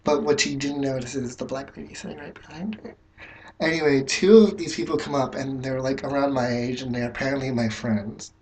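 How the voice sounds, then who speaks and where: A man's voice: medium pitch, brisk. A man telling a story in a loose, rambling way while doing his makeup, with lots of fillers and some cursing. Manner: rambling, filler-heavy, frank and profane. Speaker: makeup vlogger.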